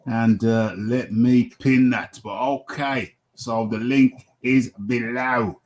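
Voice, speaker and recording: A man's voice: medium pitch, steady tone, slow pace, a little mellow. A man hosting a live boxing talk stream, chatty as he reads out the names of viewers. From United Kingdom. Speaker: host.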